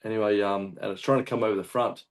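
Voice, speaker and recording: A man with an Australian accent, a hunting guest telling a story in casual chat, animated and swearing often. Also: fairly low pitch, fast. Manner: animated, swears often, acts out shouted quotes. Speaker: guest hunter.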